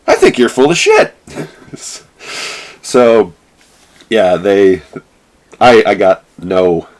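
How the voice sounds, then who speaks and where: Low-voiced man telling a rambling anecdote. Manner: rambling, many fillers and restarts. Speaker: vlogger. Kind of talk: casual anecdotal storytelling.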